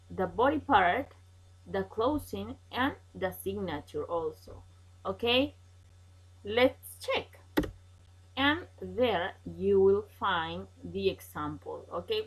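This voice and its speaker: Slow husky woman teaching English. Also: medium pitch, fairly bright tone, low-quality recording. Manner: slow, patient, checks with "okay?" and "yes?". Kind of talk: online grammar lesson.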